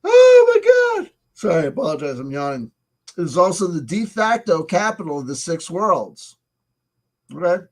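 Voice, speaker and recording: A man's voice: a little high, lively intonation, normal speed, fairly bright tone. A man hosting a casual review of a tabletop game supplement. He reads passages aloud and breaks off into sarcastic, profane asides.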